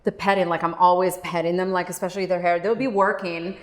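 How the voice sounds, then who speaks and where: A woman's voice: fairly low pitch, level tone, fast talker, echoey room. A woman who grew up in Morocco, co-hosting a talk show and telling stories with frequent laughter. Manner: laughs often, warm storytelling. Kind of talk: casual chat.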